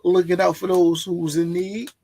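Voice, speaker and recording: A young man talks in a high, gravelly voice. He is loose and laid-back in casual conversation, dropping "you feel me" often. It is easygoing podcast chat. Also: flat delivery, moderate pace, darkish tone, a little hiss or hum. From Baltimore.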